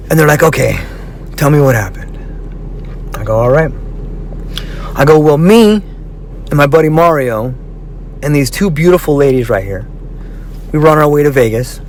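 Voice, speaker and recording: A man casually telling a long personal story, animated and acting out what people said, swearing freely. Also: fairly high pitch, moderate pace, long pauses, slight background noise. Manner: animated, acts out quoted voices, swears freely.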